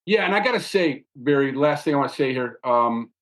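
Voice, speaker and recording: A man hosting a podcast, telling a story in an animated, casual way and often tacking "man" onto his sentences. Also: mid-range voice, a little fast. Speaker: podcast host.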